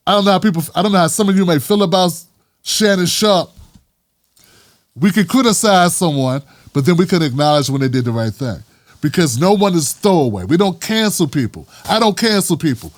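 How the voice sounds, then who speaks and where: A man delivers his own commentary in a high, lively voice that swings widely in pitch. He talks in an emphatic, street-casual way. The sound is dry and close. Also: dry recording. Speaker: host. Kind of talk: political commentary vlog.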